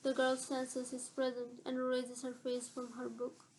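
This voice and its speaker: A woman narrating a novel as an audiobook, reading in a measured, steady way. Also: high-pitched, a little hiss or hum, poor audio.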